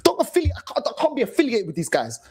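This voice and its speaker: A man's voice: high-pitched, wildly swooping pitch, rapid-fire, darkish tone, slightly rough, poor audio. A man in his thirties with a London accent, ranting and swearing as host of a fan call-in show, mocking other fans. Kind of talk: angry fan rant.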